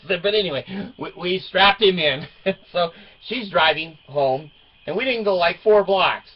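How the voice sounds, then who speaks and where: A man's voice: high-pitched, a little slow. A middle-aged father telling a family story as a casual monologue, wry and joking, chuckling as he goes. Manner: wry and joking, chuckles through his stories. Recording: dull lo-fi recording.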